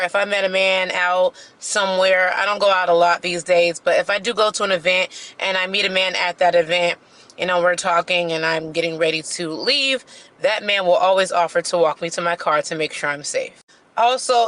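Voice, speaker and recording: Woman, social media clip, talking to camera, measured, self-assured, bright voice. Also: lowish voice.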